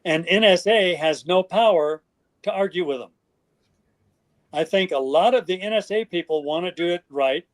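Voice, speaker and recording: An older man, a guest in an interview, telling stories in a lively way and acting out what others said. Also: high-pitched, moderate pace. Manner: animated, acts out quoted voices. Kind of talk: storytelling interview.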